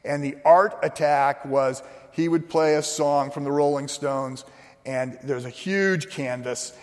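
A man's voice: on the high side, fairly even intonation, unhurried. A man preaching a sermon, telling a story in a loose, conversational way and acting out the people he quotes. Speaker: pastor. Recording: long hall reverb.

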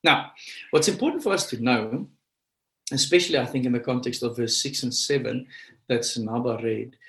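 A male pastor delivers a sermon with emphatic, animated preaching. His voice sits at an ordinary middle pitch. The church room around him adds a strong echo. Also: moderate pace.

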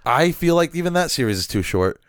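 A man's voice: fairly high pitch, sing-song, a little fast, clean tone, no room sound, studio quality. A young man co-hosting a casual film review podcast, easygoing and chuckling, with hesitant fillers. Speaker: podcast co-host.

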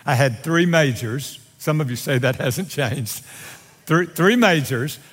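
A man preaching a sermon to his congregation, with a dramatic, drawn-out delivery and wry humor aimed at his listeners. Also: expressive, fairly bright tone, breathy edge. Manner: dramatic, drawn-out delivery with bold swings in pitch and volume. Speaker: pastor. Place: church sanctuary. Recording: long hall reverb from a large sanctuary.

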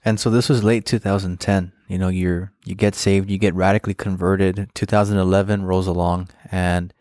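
A man hosts a podcast interview and calmly sums up his guest's story. His voice is deep and even, with little rise and fall, recorded close and dry. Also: normal speed, dry recording. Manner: calm, affirming, recapping the guest's story. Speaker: podcast host.

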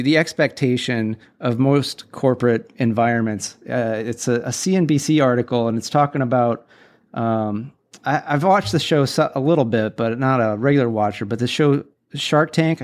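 A man in his forties hosting a casual solo podcast, speaking candidly and bluntly with firm opinions. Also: mid-range voice. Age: 40s. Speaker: podcast host.

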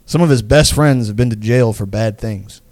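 On a podcast, a young man who co-hosts spins a long, casual story, rambling with plenty of "like" fillers and curse words and laughing frequently. His lowish, slightly mellow voice moves at a moderate pace, with no room sound.

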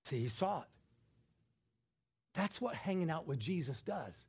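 A man preaching a sermon, chatting with the congregation in asides and building to emphatic, forceful passages. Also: a little high, sing-song, a little slow, slightly rough.

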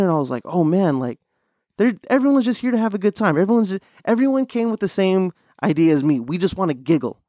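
This young podcast host talks fast in a high voice, recounting stories animatedly with many fillers and restarts. The studio sound is clean, with no room sound at all.

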